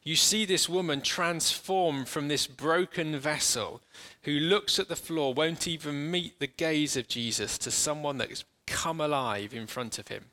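In this sermon, a man leads his congregation through a guided imagining, his earnest delivery halting and full of restarts. He eases off and speaks more gently for the imagery, and his pitch runs on the high side.

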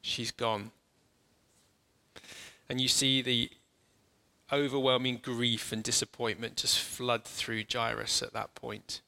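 Bright-voiced man leading a guided sermon. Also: medium pitch, level tone, gravelly. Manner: earnest, halting, with frequent restarts. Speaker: preacher.

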